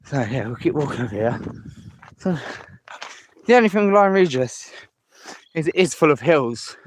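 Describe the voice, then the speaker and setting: A man's voice: a little high, very animated, moderate pace, a little hiss or hum. Breathless man vlogging on a walk. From England. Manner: chatty, repeats himself, enthusiastic about scenery. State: out of breath walking uphill. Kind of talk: casual live walking vlog. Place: outdoors on a seaside hill path.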